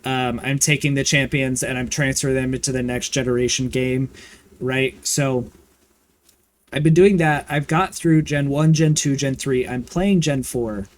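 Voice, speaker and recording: A man chatting casually and campily while streaming a video game, with playful swearing and excited bursts. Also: mid-range voice, moderate pace. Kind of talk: casual gaming livestream chat.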